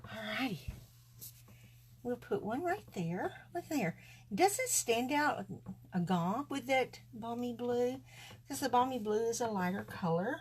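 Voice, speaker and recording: A woman's voice: a little high, expressive, unhurried, slightly rough. A woman chatting folksily to viewers as she demonstrates card making live from her craft table. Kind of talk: live-stream craft demo.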